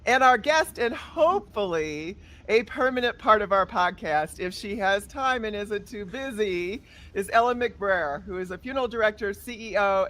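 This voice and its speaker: Woman, podcast host, upbeat, enthusiastic, mid-pitched voice, casual chat. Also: a bit bright.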